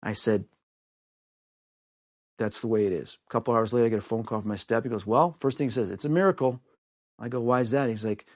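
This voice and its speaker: A man from the United States telling a personal story in an animated way, acting out the voices of the people in it. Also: a little fast, dry recording. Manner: acts out quoted voices with big pitch swings. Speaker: storyteller guest.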